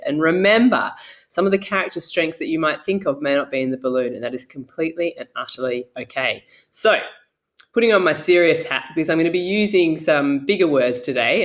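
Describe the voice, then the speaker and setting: A playful woman presents a lesson to primary school children. Her voice sits a little low, and she explains things in a chatty, teacherly way.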